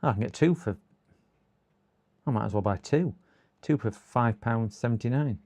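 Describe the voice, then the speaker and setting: This is a middle-aged man from the UK on a live repair stream, thinking out loud as he works. His voice is mid-pitched with a gravelly rasp. He chats loosely with viewers and mutters and groans to himself in between. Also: lively intonation, moderate pace. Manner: chatty, mutters to himself, answers chat, exasperated outbursts. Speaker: livestreaming repair technician. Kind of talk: casual live-stream chat while working.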